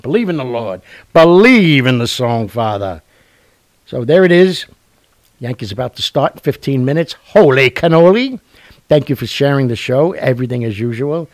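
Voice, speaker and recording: A man's voice: mid-range voice, dry recording. A man hosting a live online show, rambling and joking in casual chat. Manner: rambling, jokey, with fillers and laughs. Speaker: show host.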